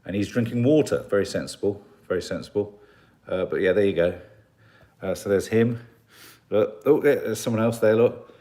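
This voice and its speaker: Chatty man, lowish voice. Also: normal speed, mellow. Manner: chatty and rambling, with frequent restarts and asides. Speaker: live-stream host reading viewer comments. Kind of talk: casual live-stream chat.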